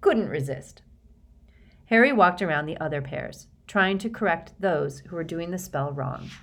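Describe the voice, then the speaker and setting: Woman narrating a storybook, lowish voice. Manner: steady, measured storytelling. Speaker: audiobook narrator. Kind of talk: scripted narration.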